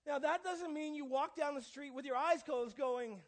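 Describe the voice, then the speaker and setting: A male pastor preaching a sermon in church, alternating quiet asides with loud, emphatic declarations. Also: very high voice, moderate pace, few pauses. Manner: swings between hushed asides and loud emphatic proclamations.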